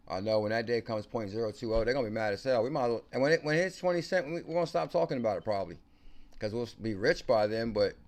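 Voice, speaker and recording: A man hosting a casual crypto livestream, excitable and slangy, talking to viewers by name. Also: medium pitch. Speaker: crypto channel host.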